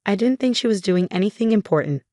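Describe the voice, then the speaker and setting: A woman's voice: mid-range voice, animated, quick pace, darkish tone, no room sound, clean studio sound, pitched above the performer's own voice, close to an everyday voice. A woman reading a scornful young sister. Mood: unsure. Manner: pleading, unsure.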